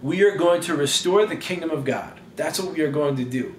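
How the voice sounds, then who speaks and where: A calm, casual Jesus who talks like a friend, as a preacher puts him on. The voice sits a bit high for a man. It carries a roomy echo with faint background ambience. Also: fairly quick, far from the mic, a little hiss or hum, close to an everyday voice. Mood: reassuring. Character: reassuring Jesus, male, calm leader.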